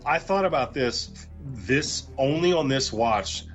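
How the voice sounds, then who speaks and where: A man chimes in on a casual movie review podcast, comparing scenes with other films. His voice sits at an ordinary middle pitch, with faint music underneath. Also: lively intonation, a little slow, fairly bright tone. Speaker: podcast co-host.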